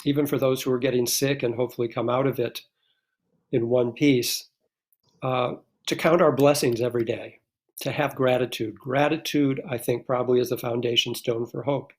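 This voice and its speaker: A man's voice: medium pitch, steady tone, moderate pace. A man speaking as a guest on a live stream, earnestly building his points in rhetorical lists, like a short speech.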